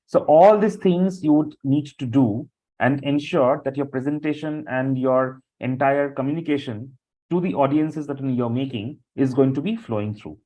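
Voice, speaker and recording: A man instructs a group over a video call, and the audio comes through dull and lo-fi. He talks off the cuff, circling back with fillers and repeated words as he explains. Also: mid-range voice. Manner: loose, repetitive talk with many fillers. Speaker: session instructor. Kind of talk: live online training session.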